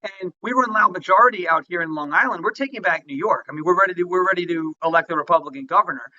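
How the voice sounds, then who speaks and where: A man's voice: sits high, quick pace, bright, forceful tone. Rambling man guest, muffled lo-fi audio. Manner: rambling, chuckling, many fillers. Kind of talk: interview conversation.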